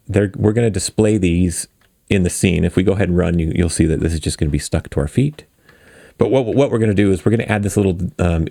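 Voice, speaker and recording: Deep gravelly male coding tutor. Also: no room sound, studio quality. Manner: relaxed, chatty, self-deprecating. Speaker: game dev tutorial host. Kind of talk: casual screen-recorded coding tutorial.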